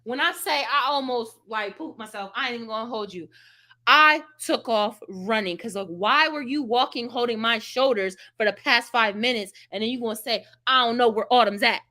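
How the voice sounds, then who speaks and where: A woman tells a story in casual vlog chat. Her voice is bright and forceful and sits a little high. She is animated and full of laughter, and she swings her voice up high and down low as she acts out the people in her story. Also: normal speed. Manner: animated, laughing, acts out quotes with big pitch jumps. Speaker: vlogger.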